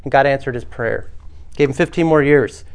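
Male pastor, mid-pitched, earnest sermon delivery with rhetorical questions. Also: moderate pace, clean tone.

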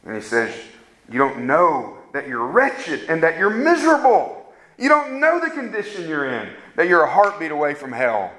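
A man's voice: sits high, a bit bright. A man preaching a fervent sermon that rises to emphatic peaks. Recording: echoey room sound.

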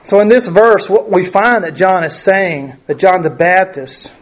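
A man with a somewhat high voice teaches a Bible lesson, reading verses and explaining them. He talks conversationally, full of fillers and rhetorical questions. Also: unhurried.

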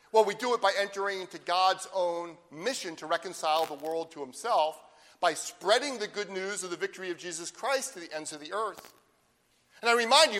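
A man preaching a sermon as pastor, asking the congregation "right?" and reading scripture slowly and deliberately. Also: high-pitched, sharp tone, in a large hall.

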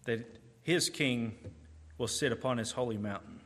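Bright-voiced emphatic male preacher. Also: measured pace. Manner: emphatic, swinging from booming to hushed. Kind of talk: sermon.

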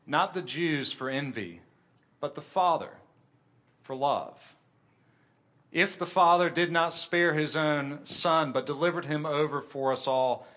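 Bright-voiced man preaching a sermon. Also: medium pitch. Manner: earnest, emphatic preaching with rising and falling intensity.

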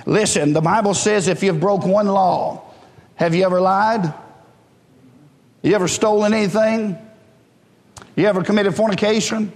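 Pastor, male, high tenor, fervent call-and-response preaching, reverberant church hall. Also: normal speed, long pauses, a little mellow. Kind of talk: sermon. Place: church sanctuary.

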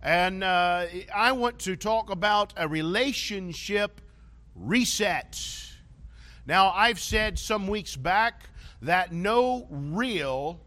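High bright-voiced man preaching a sermon. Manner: conversational preaching with repeated "okay?" checks. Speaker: pastor.

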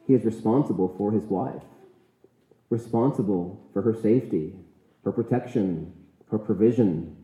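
A male pastor preaching a sermon in an earnest, emphatic way, slowing down to stress key words. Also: lowish voice, mellow. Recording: echoey room, tinny phone-like sound.

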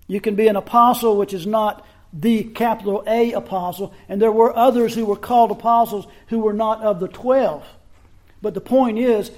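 A man's voice: high-pitched, a little mellow. A man preaching an expository sermon in a church, emphatic and given to restarts. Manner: emphatic, with frequent restarts and shifting pace. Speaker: pastor. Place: church sanctuary.

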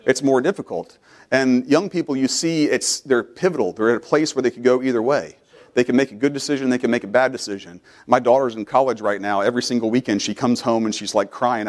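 A middle-aged man preaching a sermon as pastor in a church, moving from low, quiet explanation to loud, rising preaching. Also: brisk. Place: church sanctuary.

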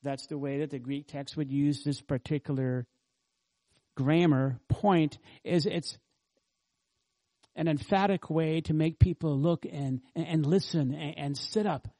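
Mellow-voiced man preaching a sermon. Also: on the high side, steady tone, a little slow. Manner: earnest teaching with rhetorical questions. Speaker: pastor. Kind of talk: expository sermon.

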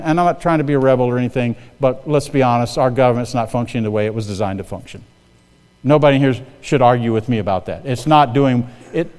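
Older male guest preacher, slightly high voice, chatty sermon style, long church reverb. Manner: conversational, often checking in with the congregation.

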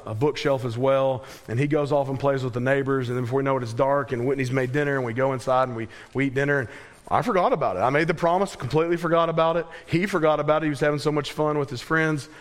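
A man in his thirties or forties preaching a sermon as pastor, earnest, dropping his voice low and slow on key words. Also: in a large hall.

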